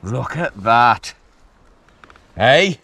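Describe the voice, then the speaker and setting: A man, chatting excitedly to the camera from his kayak while fishing at sea, often laughing. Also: mid-range voice, extremely slow. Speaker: kayak angler filming his fishing trip. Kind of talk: casual vlog commentary. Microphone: action camera mic.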